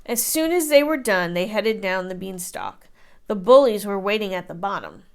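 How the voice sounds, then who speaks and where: A woman teacher reading a children's picture book aloud in an expressive storytelling manner. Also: medium pitch, moderate pace, clear, resonant tone.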